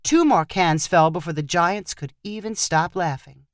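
A woman narrating a short story in an expressive storytelling manner. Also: lowish voice, normal speed, dry recording, studio quality.

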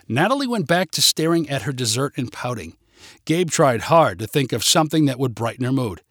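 A man reading a humorous short story aloud with expressive, lively delivery. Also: mid-range voice, brisk, no echo, studio quality.

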